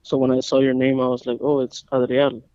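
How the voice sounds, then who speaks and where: A man co-hosting a podcast in casual chat, relaxed and laughing easily. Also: medium pitch, fast talker, dry recording. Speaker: podcast co-host. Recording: dull, dry lo-fi mic.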